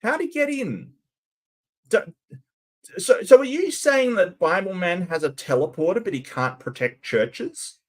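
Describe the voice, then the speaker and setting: A man's voice: sits high, expressive, measured pace. A man hosting a reaction video, giving sarcastic, rambling commentary. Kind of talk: casual commentary.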